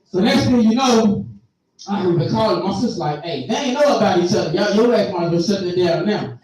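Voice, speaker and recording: A man's voice: sits high, quick pace. A man telling profane stories in a stand-up comedy set, laughing as he goes. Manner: animated, profane, laughing through his own stories. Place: live comedy venue on stage. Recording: echoey venue, distant mic, crowd noise. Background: audience reacting.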